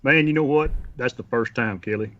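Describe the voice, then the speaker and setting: A man's voice: mid-range voice, fairly quick, a bit bright, lo-fi sound. A man in his fifties with an East Texas accent, chatting easily as a guest and joking about himself. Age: 50s. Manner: easygoing, self-deprecating. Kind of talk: casual chat.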